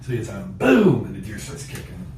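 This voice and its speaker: A man hosting a podcast, telling a hunting story in a casual, animated way, laughing often and acting out what people said. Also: sits low, fast talker. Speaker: podcast host. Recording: echoey distant mic with background noise.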